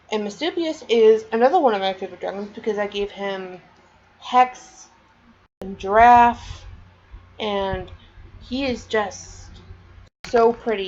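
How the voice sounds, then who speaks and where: A woman talks through her collection in an unhurried, meandering way, filling gaps with "um" and "like." Her voice sits at a middling pitch, and the recording sounds a little dull and lo-fi. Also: darkish tone, a little hiss or hum. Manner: chatty, rambling, many fillers. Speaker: vlogger. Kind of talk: casual show-and-tell.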